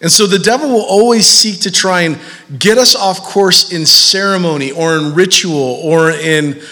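A man's voice: high-pitched, moderate pace, bright, forceful tone, in a large hall. A man preaching a sermon as pastor, talking conversationally and animatedly with frequent fillers and repeats.

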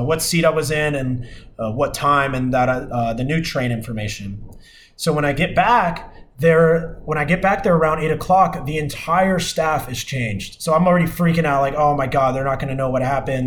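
A man's voice: a little high, a bit bright, a little hiss or hum. A young man hosting a podcast, telling a travel mishap in a casual, rambling way with lots of fillers and restarts. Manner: rambling, many fillers and restarts, exasperated retelling. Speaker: podcast host. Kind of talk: casual storytelling.

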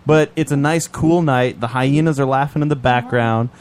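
A man's voice: medium pitch, normal speed. A man hosting a casual podcast, coaxing guests and setting up improv scenes. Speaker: host. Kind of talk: casual chat.

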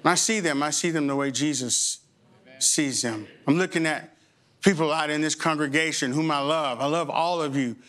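A middle-aged man preaching a sermon as pastor to his congregation in a church, with impassioned emphasis that rises high and then drops low and slow. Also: a bit bright. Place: church sanctuary before a congregation.

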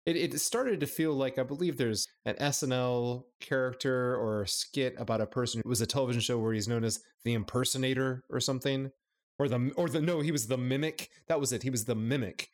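A man's voice: mid-range voice, fairly even intonation, brisk. A man co-hosting a podcast in casual chat, thinking aloud and rambling with restarts. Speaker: podcast co-host.

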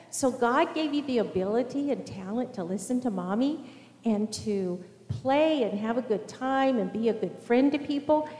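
Lady doing the kids' sermon, chatty n simple, big echoey church. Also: fairly high pitch. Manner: simple, animated, talks to kids directly. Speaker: children's sermon leader. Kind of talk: children's sermon storytelling.

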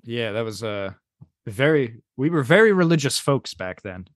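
A man hosts a casual podcast chat, his pitch swinging up and down as he poses playful what-if questions. The sound is dry and close, with no room around it. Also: normal speed, dry recording. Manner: animated, quizzing guests with hypotheticals. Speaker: podcast host.

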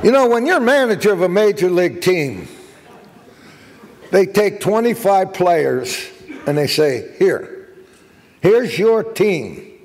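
An older man giving a guest speech, telling jokey anecdotes as an animated raconteur. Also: high voice, a little slow, pauses often, long reverb tail. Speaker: guest speaker.

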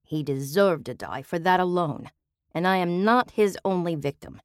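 A woman's voice: lowish voice, moderate pace, smooth, dry recording, close to an everyday voice. Haughty society dame with British airs, read by a woman; imperious, theatrical, dry close sound. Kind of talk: audiobook character voice.

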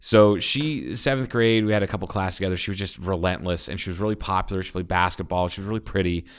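Speaking quickly, a deep-voiced Ohio man co-hosting a casual podcast rattles through a long, profane anecdote. His smooth voice keeps doubling back to restart before driving forward with lively, blunt emphasis.

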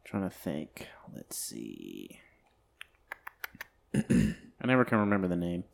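Young man, low voice, laid-back, hesitant in banter with friends. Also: lively intonation, normal speed. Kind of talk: casual chat.

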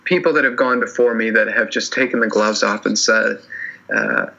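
A man sharing his story as a podcast guest, earnest and halting with many restarts, and teary. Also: on the low side, steady tone, creaky, bright, forceful tone, highs cut off. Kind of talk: emotional personal interview.

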